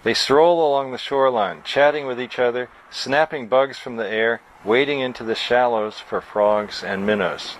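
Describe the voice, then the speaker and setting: Guy reading his book out at a bookstore, steady middle voice, faint hum behind. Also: mid-range voice, moderate pace, few pauses, rough recording. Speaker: author reading his novel.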